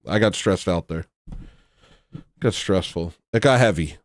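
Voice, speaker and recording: A man's voice: low voice, measured pace, no room sound, studio quality. A man hosting a casual livestream, chatting to viewers and gushing, sometimes dropping to a choked near-whisper. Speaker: livestream host.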